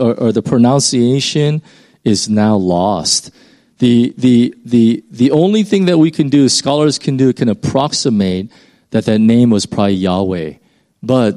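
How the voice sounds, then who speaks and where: A man's voice: mid-range voice, dark tone. A man preaching a sermon in an informal, conversational way, rambling a bit and pushing his voice up for emphasis.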